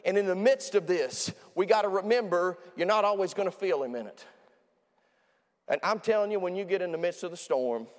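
Male preacher, high voice, emphatic and repetitive, hall reverb. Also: a little fast. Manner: emphatic, repetitive, with frequent restarts. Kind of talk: sermon.

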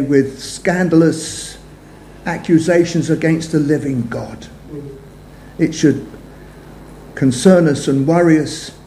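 An older man preaching a sermon to a congregation in a church hall, measured, his phrases trailing off softly. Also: a little high, a little hiss or hum. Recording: echoey hall sound.

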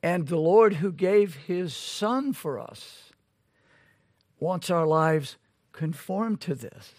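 A man's voice: a little high, animated, no room sound, studio quality. A man preaching a sermon as pastor, emphatic and full of rhetorical questions. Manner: emphatic, rhetorical questions, slow deliberate delivery.

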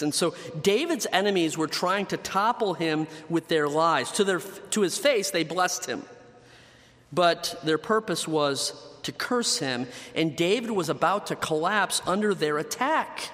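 A man delivers an earnest sermon in a fairly high voice. He slows down and sinks low for emphasis, and his words ring out in a reverberant hall. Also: fairly bright tone. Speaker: pastor.

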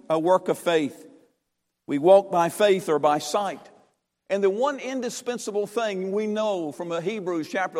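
A preacher with a high voice delivers a fervent sermon, repeating key phrases with emphatic cadence. His voice rings through the long reverb of a church sanctuary. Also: darkish tone. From North Carolina, USA.

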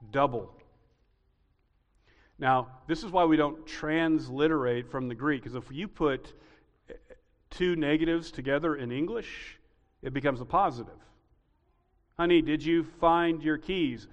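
A man preaching a sermon as pastor, teaching patiently and building to loud, emphatic peaks. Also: mid-range voice, in a large hall. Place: church sanctuary.

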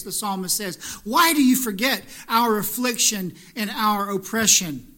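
Male pastor, high and bright, preaches with rising emphatic questions. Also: moderate pace, hardly any pauses. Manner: rising to emphatic peaks, repetitive rhetorical questions. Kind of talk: sermon.

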